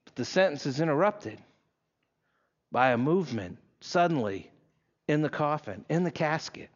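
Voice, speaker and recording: A man's voice: fairly high pitch, animated, normal speed, dull audio. A male pastor preaching a sermon, telling a story vividly in the second person and leading the congregation through readings aloud.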